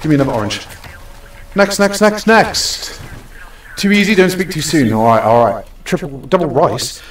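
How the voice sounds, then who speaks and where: A man's voice: a little high, very animated, normal speed, far from the mic. Chatty young man streaming a game. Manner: chatty, playfully bossy with game customers. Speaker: gaming streamer. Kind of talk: casual live-stream commentary. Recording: roomy echo, off from the mic.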